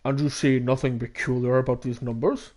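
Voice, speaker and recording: A man voicing a cold, condescending middle-aged male doctor in a visual novel, low, quiet and dismissive. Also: fairly even intonation, fairly quick, natural voice. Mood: contemptuous.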